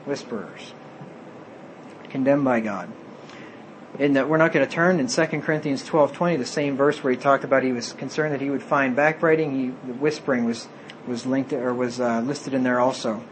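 A man's voice: medium pitch, fairly even intonation, a little fast, a little hiss or hum, rough recording. A man preaching a sermon, reading scripture aloud and explaining it plainly.

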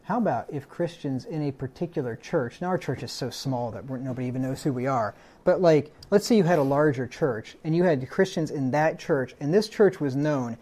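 A man's voice: medium pitch, a little fast, hardly any pauses, warm tone. A man preaching a sermon as pastor, reading a string of verses aloud and adding plain asides.

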